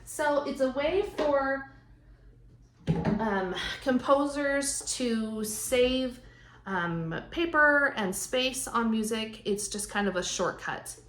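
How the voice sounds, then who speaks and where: A woman's voice: a little high, takes it slowly, fairly bright tone. A woman teaching a strings class, explaining music terms patiently, step by step, and counting beats aloud. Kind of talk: instructional explanation. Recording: echoey room, faint background noise.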